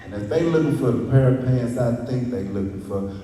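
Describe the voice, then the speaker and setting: A man with a Southern US accent telling a drawling, animated stand-up story and acting out the dialogue. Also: mid-range voice, fairly quick. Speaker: stand-up comedian. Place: live comedy venue with audience. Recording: echoey hall from far off, crowd laughing.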